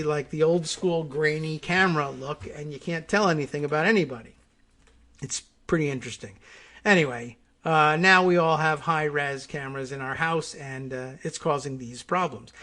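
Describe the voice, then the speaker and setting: A man with a fairly high speaking voice reads news copy aloud as a podcast host. He breaks off into low, trailing, mumbled asides and stumbles over hard names before returning to the text. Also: normal speed, bright, forceful tone. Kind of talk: reading news aloud with off-the-cuff commentary.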